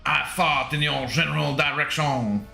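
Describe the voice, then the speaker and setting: A man's voice: on the high side, gravelly, sharp tone, heavily acted. A man putting on a sneering French taunter. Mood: jeering. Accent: put-on French. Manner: slow, sneering, jeering. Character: mocking male French taunter from a castle wall. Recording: echoey room with faint music.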